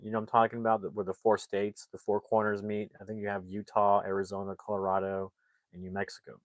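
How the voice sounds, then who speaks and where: Male movie reviewer, lower register, casual and rambling, dry close sound. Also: monotone, quick pace, no room sound. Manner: rambling, filler-heavy storytelling. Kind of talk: casual plot recap.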